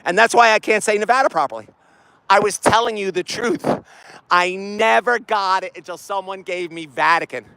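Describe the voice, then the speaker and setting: Excitable high-voiced man rambling on the street. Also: moderate pace, gravelly, clean tone, no room sound, poor audio. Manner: excitable, loud and rambling, talks to his phone. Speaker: street vlogger. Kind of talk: rambling comic street vlog. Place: outdoors on a city street. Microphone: phone camera set down nearby.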